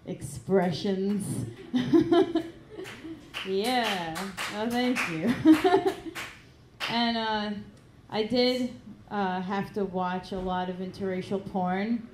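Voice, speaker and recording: A woman's voice: mid-range voice, extremely slow, long pauses, noisy background. A woman doing stand-up comedy on a club stage, giggling often and hesitating with many ums. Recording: echoey club room with ambience.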